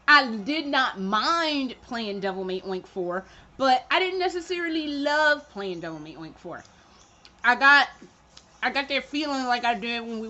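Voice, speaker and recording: A high, bright-voiced woman chats casually about games, candid and sarcastic, dropping swears and acting out her own reactions. The recording sounds a little dull and lo-fi. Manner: acts out her own reactions in quoted asides. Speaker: gaming vlogger. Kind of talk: casual chat.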